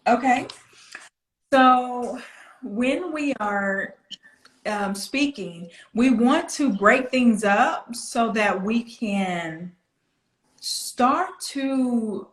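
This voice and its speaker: A woman's voice: fairly high pitch, a bit bright, roomy sound. A woman from the United States, a pronunciation coach, patiently explaining and demonstrating phrasing over a video call. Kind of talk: coaching over an online interview.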